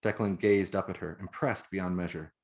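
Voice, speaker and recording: A man, the author, reading his own novel aloud in measured, even narration. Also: deep voice.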